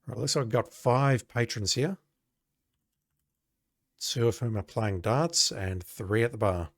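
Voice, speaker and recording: A man's voice: mid-range voice, unhurried, dry recording, studio quality. A man casually playing an old adventure game, reading its text aloud and making wry, sarcastic asides. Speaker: let's play gamer.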